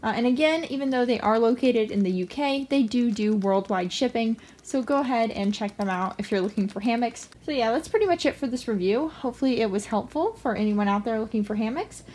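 Woman, pet vlogger, higher voice, husky, chatty, casual review. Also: brisk, few pauses, a little mellow. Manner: chatty, with frequent "uh" fillers. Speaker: pet channel host. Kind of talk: casual product review vlog.

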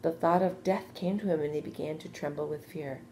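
A woman teacher reading a children's storybook aloud, steady and expressive. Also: low voice, fairly quick, noisy background.

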